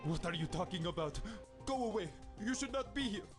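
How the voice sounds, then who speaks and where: An actor voicing a nervous, fussy game program, polite yet dramatic and quick to panic. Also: male voice, high voice, lively intonation. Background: game music.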